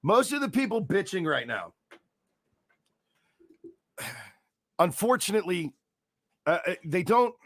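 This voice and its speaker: Blunt high-voiced man on a podcast. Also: sing-song, unhurried, long pauses, a bit bright. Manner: blunt, opinionated, restarts often. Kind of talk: casual podcast banter.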